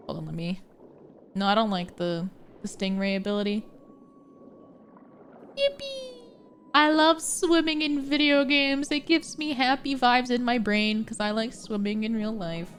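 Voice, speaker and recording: A woman streaming a video game, chatting excitably and swearing freely as she reacts. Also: fairly high pitch, moderate pace, a little hiss or hum. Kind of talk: casual gameplay commentary.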